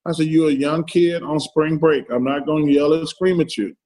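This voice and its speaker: Middle-aged man, podcast guest who tells stories in quoted dialogue, voice pitched slightly high. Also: steady tone, normal speed, dark tone, poor audio. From Alabama, US. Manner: retells stories in quoted dialogue, keeps repeating "I said". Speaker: podcast guest, former pro athlete. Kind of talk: casual storytelling.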